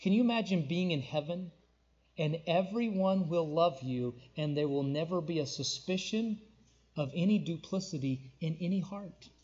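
A male preacher with a high voice delivers a sermon with fervor. He rises to loud, ringing declarations and drops to near-hushed tones. The recording sounds dull and lo-fi. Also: moderate pace, slightly rough.

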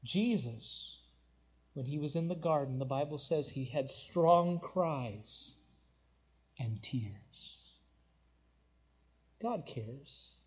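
A young man delivering a sermon, his voice pitched high for a man. He climbs into ringing, emphatic declarations and then sinks to soft, tender passages. The recording is dull and lo-fi. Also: lively intonation, drawn-out words, pauses often, breathy edge. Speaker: pastor.

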